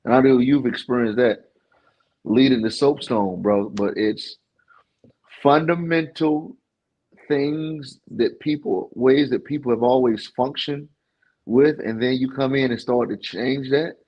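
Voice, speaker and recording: A laid-back man co-hosting a podcast, his voice husky and a little rough. He talks loosely and drops man and bro into his sentences. His pitch stays in a middle range. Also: unhurried, dull audio. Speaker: podcast co-host. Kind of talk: casual chat.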